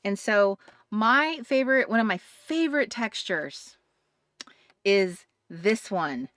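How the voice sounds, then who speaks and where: A woman's voice: medium pitch, animated, slow, a bit bright, no echo, clean studio sound. A woman with a Boston accent hosting a casual crafting livestream, talking to viewers in the chat with frequent laughs and restarts. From New England, United States. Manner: chatty, laughs often, many restarts and asides to chat viewers.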